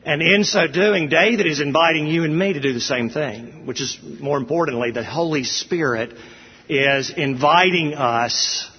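Earnest pastor preaching in a hall. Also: male voice, a little high, moderate pace, slightly rough. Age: middle-aged. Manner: earnest, builds to emphatic peaks, says "y'all". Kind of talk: sermon. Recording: dull, echoey church hall.

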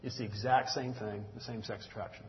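Speaking quickly in a lowish, steady voice, this middle-aged Southern man from Mississippi gives a folksy, sincere, conversational sermon to a church group, calling them y'all. The room has an audience, and the recording is dull, lo-fi, and echoey, with a little hiss or hum.

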